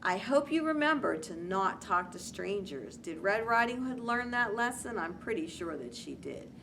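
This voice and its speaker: Expressive woman reading to preschoolers. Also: medium pitch, a little hiss or hum. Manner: slow, expressive and gentle, as if to small children. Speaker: preschool library teacher. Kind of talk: storybook read-aloud and lesson for preschoolers.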